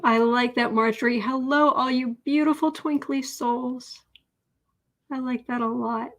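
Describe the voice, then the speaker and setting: A woman's voice: on the high side, steady tone, a little slow. A woman hosting a casual live stream as a tarot reader, rambling, talking to herself and greeting viewers by name, often dropping into whispered asides.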